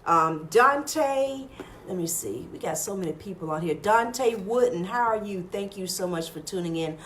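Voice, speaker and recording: A woman's voice: mid-range voice, animated, moderate pace, fairly bright tone. An upbeat woman hosts a live radio show, her voice swinging widely up and down as she leans on repeated words for emphasis. She reels off greetings to listeners over a faint hiss. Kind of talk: live radio interview with listener shout-outs.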